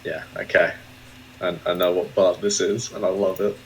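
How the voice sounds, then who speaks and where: A man's voice: low voice, little pitch movement, normal speed, a little hiss or hum, low-quality recording. A man playing a tabletop game, laid-back and easily amused in casual chat. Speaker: player.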